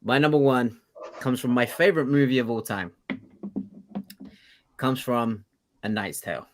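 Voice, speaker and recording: A man from London with a clear London accent speaks in an easy, casual podcast chat. His pitch sits in a comfortable middle range. He talks with gushing enthusiasm and often slips into quoting film lines. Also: measured pace, noisy background. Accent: London English. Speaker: podcast co-host.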